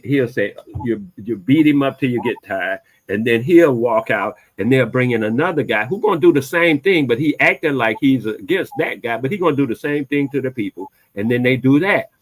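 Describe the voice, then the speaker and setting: A man talking loosely on a podcast, wandering through a story and swearing as he goes. His voice sits at an ordinary pitch for a man. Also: rough recording. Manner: rambling storyteller, swears freely. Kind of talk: casual chat.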